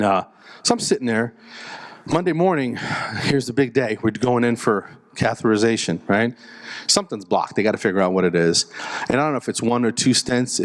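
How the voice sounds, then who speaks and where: Middle-aged guy doing stand-up, animated storytelling, jumps into little voices for each person. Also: mid-range voice. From Puerto Rico heritage. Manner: animated, jokes, acts out both sides of dialogue. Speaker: comedian and speaker at a dental event.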